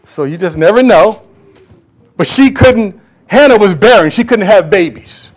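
A man preaching a sermon as pastor, impassioned and talking straight to the congregation, swinging from loud calls to hushed whispers. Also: high voice, expressive, a little slow. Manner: addresses congregation directly, acts out quoted voices.

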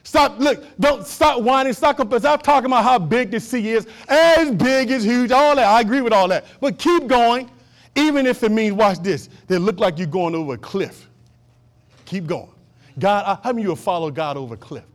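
A man preaching a sermon as a pastor, swinging between loud exhortation and soft, low asides, repeating short phrases for emphasis. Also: lively intonation, normal speed.

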